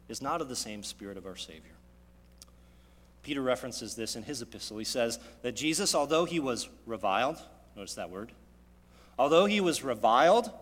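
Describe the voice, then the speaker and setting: A man preaching a sermon as pastor, with big swings between loud, raised passages and quiet, low asides. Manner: dynamic preaching with sharp swings in loudness and pitch. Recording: long reverb of a large hall.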